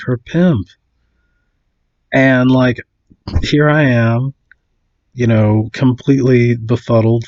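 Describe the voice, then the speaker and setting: A man's voice: mid-range voice, darkish tone, muffled recording. A man casually telling a story, full of fillers and restarts, acting out other people's lines.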